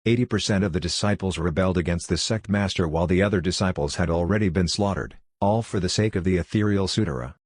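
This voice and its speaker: A man narrating a fantasy audiobook in a steady, even reading. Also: deep voice, fast, few pauses, dry recording, studio quality. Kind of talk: scripted narration.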